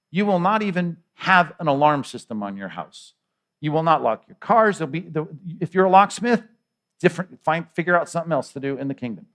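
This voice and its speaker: A middle-aged male pastor preaches a sermon conversationally, repeating words and posing rhetorical questions. His voice is a little high with a fairly bright tone.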